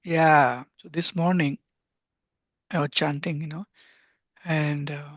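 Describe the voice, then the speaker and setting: A man teaching a devotional scripture class, earnest, often sinking to a hushed near-whisper. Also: a little high, level tone, slow, dry recording. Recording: dull lo-fi, dry sound.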